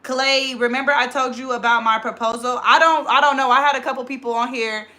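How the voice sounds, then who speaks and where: A woman in her thirties hosting a casual livestream on her phone, chatting quickly as she reads out viewer comments. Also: high voice, fairly even intonation, pushed and bright. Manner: very fast, rapid-fire talker. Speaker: livestream host.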